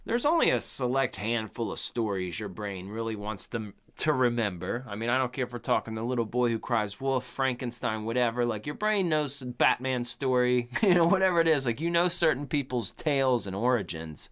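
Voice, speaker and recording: A man's voice: medium pitch, animated, fairly quick, hardly any pauses, fairly bright tone, clear, resonant tone. A man rambling through a casual podcast chat, his voice swinging widely up and down as he talks. He swears freely and leans on fillers like "like" and "you know". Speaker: podcast co-host.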